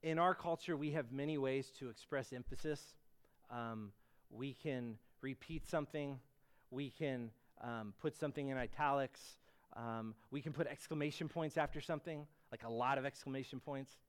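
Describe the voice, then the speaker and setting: A man's voice: mid-range voice, normal speed, clear, resonant tone. A man preaching a sermon in an earnest teaching manner, with casual asides and fillers, rising to emphatic bursts on key words. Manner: frequent fillers and restarts, conversational asides.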